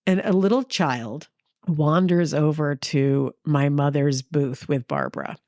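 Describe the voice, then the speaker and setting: A middle-aged woman from New York, co-hosting a podcast and telling anecdotes in a casual, animated way, acting out the lines of the people in her stories. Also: measured pace, no echo, clean studio sound. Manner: lively anecdotal, acts out quotes with big pitch jumps. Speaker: podcast co-host. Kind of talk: casual storytelling chat.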